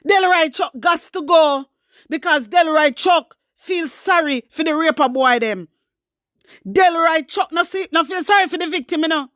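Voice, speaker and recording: A woman's voice: very high-pitched, normal speed, fairly bright tone, dry recording, clean studio sound. A woman with a Jamaican accent delivering a fiery, urgent rant to her online viewers, scolding and repeating her demands. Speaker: online commentator.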